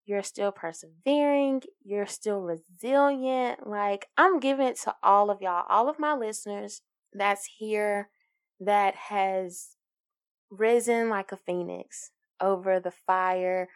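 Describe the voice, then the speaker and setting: A woman's voice: mid-range voice, takes it slowly, clean tone. A woman, hosting a casual solo podcast in an upbeat, encouraging, giggly way. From Alabama, US. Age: 20s. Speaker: podcast host.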